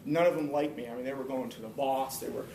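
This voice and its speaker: A man giving a personal, earnest motivational talk to a live audience, slowing down to stress his main points. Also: gravelly, warm tone. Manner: earnest, emphatic, slows down to stress key points. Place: hall or room before an audience. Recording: echoey room, speaker far from mic, faint rumble.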